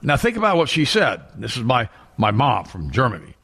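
Husky guy hosting a talk show, fast and emphatic, keeps repeating himself for punch. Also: mid-range voice, wildly swooping pitch, fairly bright tone. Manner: ranting, repeats words for emphasis.

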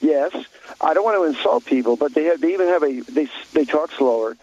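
A man's voice: on the high side, expressive, brisk, a little mellow, lo-fi sound. A man talking bluntly in an opinionated talk show chat, rambling with many restarts and fillers.

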